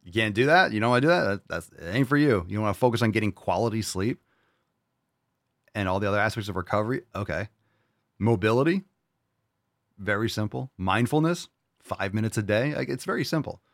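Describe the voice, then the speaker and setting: A man with a low voice gives a blunt, profane motivational rant as he answers listener questions. He stresses words hard and now and then mocks people in whiny put-on voices. The sound is dry and close to the mic. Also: expressive, brisk, vocal fry, long pauses, a bit bright, no room sound.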